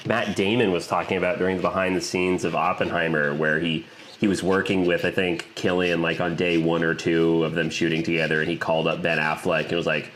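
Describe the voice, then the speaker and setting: Low-voiced man eagerly chatting about films. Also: flat delivery, fairly bright tone, slight background noise. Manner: enthusiastic, chatty, quick to joke. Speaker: podcast co-host. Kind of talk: casual film chat.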